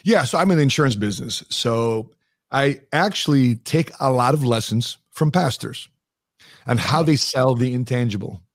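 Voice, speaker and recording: A man in his forties, a guest in an interview, telling stories in a lively way and acting out the dialogue. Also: mid-range voice, moderate pace, no room sound, clean studio sound. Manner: animated storyteller who acts out quoted dialogue. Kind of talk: conversational interview storytelling.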